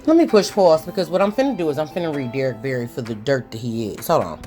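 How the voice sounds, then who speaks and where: A woman casually reviewing a TV show, ranting in a sassy, animated way with lots of slang. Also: very deep voice, fast, few pauses, soft background music. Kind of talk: casual reaction commentary.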